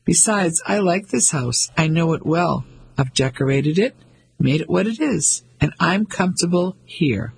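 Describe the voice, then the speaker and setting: A proud middle-aged wife, clipped and affronted, with a very raspy, husky, gravelly edge, as a man reads her lines. Her voice sits a bit high and stays cold and controlled. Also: lively intonation, a little slow, exaggerated voice.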